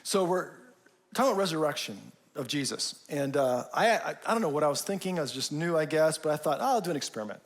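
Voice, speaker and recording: A man in his forties giving a sermon, telling a personal story, often dropping to a soft low voice for emphasis. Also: animated, fast talker. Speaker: pastor.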